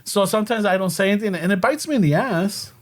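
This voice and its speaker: High-voiced man mixing Spanish into chat. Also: lively intonation, fast talker. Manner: profane, mixes Spanish into English. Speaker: podcaster. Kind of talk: casual chat.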